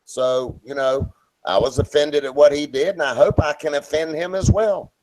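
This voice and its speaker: A man's voice: fairly high pitch, moderate pace, a little mellow, no room sound, low-quality recording. A man on a casual group call, indignant and profane, repeating himself as he vents.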